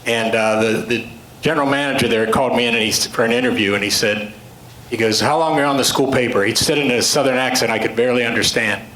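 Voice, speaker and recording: A man's voice: medium pitch, steady tone, fast, pushed and bright. A man in his late fifties giving a humorous storytelling talk to a club, with dry, self-deprecating punchlines and rambling asides. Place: club meeting room with an audience. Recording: roomy hall sound with faint ambience. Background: audience laughter.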